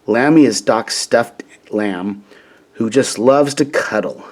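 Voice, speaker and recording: A man reads a children's picture book aloud at a very slow, deliberate pace. His voice sits in a middling pitch, gentle and steady. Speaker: storybook reader.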